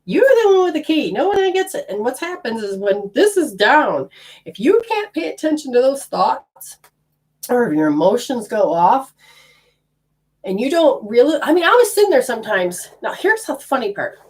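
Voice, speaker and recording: A woman's voice: a little high, big pitch swings, normal speed, darkish tone. A middle-aged woman teaching energy healing to a group in a casual, blunt way, swearing now and then.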